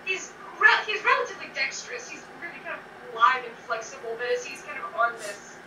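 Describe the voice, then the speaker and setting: Woman game master, high voice, loose hesitant narration; far-off mic in an echoey room. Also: very animated, brisk, background noise.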